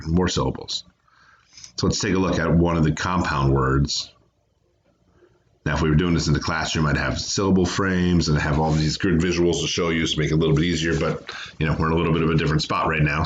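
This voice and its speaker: Low male teacher, patient, sounds words out slowly, dull lo-fi recording, faint hiss. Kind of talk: remote phonics lesson for children. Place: home, away from classroom.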